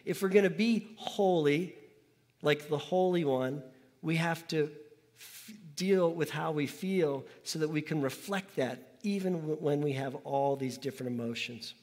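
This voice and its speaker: A man's voice: fairly high pitch, measured pace, darkish tone. A man preaching a conversational sermon in a church, asking the congregation to repeat words after him. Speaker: pastor. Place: church sanctuary. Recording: long hall reverb.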